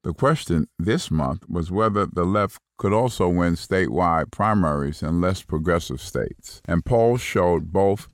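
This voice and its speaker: A man reading magazine articles aloud in a measured, even scripted narration. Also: deep voice, no echo, studio quality. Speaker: magazine audio reader.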